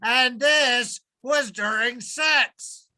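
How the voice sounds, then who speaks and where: A man's voice: very high-pitched, extremely slow, sharp tone, heavily acted, poor audio. A man playing a smug male Smurf talk-show host, delivering a corny self-satisfied monologue in a comedy sketch. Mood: joking.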